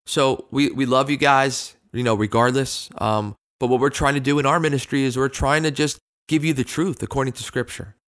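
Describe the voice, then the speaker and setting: A man's voice: medium pitch, steady tone, moderate pace, few pauses, a bit bright. A man co-hosting a ministry discussion, speaking in an earnest, affirming way and reading scripture aloud. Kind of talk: conversational Bible discussion.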